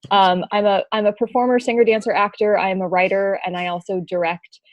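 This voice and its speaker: A woman's voice: medium pitch, quick pace, no echo, lo-fi sound. A young adult woman from Los Angeles, a stage performer telling stories as a podcast guest. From Los Angeles, California. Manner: animated, chatty storyteller. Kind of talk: podcast interview.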